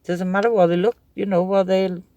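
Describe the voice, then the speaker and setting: A man's voice: sits high, flat delivery, a little fast, warm tone, muffled recording. A middle-aged man, casually rambling through stories and laughing as he tells them. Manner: chatty, rambling, laughs while telling stories. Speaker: craft vlogger. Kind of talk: casual storytelling.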